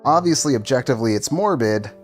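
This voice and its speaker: A man's voice: mid-range voice, animated, fast talker, faint music behind. A man streaming a game, telling a story casually and laughing often through it in a loose, self-mocking way.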